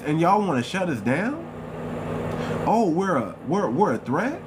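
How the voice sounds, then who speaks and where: A man's voice: on the high side, sing-song, a little slow, background noise. A man hosting a live stream, talking in a confrontational way and repeating phrases for emphasis. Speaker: livestream host. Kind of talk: heated live-stream commentary.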